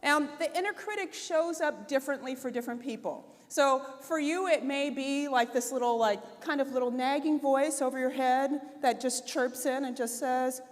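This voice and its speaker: Woman speaker, high voice, chatty and expressive, echoing hall. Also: normal speed, few pauses. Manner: conversational and expressive, with frequent "right?" and "like". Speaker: conference speaker. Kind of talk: conference keynote talk. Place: conference hall. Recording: long hall reverb.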